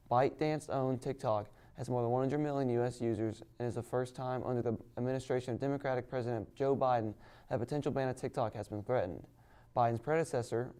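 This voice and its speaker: A man reading news items in a steady read-aloud manner as an anchor. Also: medium pitch, clean tone.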